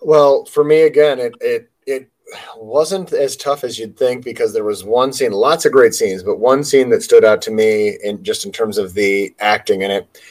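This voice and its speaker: A man's voice: medium pitch, fairly even intonation, moderate pace, darkish tone, low-quality recording. A man co-hosting a casual film podcast, speaking earnestly and often restarting his sentences. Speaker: podcast co-host. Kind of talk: casual movie discussion.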